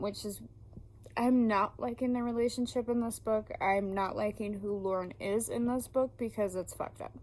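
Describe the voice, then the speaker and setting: A woman book vlogger ranting casually about her reading, swearing often and filling pauses with ums. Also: fairly high pitch, low-quality recording.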